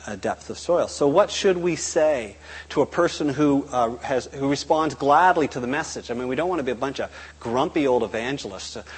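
A man delivers a sermon with a husky, breathy voice. He is animated, slipping into bits of acted-out conversation. The sound carries a long reverb from a big hall. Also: mid-range voice, brisk. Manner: animated, acts out dialogue in quotes. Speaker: preacher.

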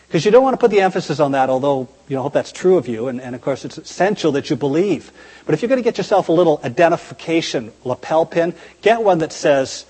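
A man's voice: fairly high pitch, darkish tone, breathy edge, in a large hall. A man preaching a sermon in a conversational, emphatic way, often posing rhetorical questions.

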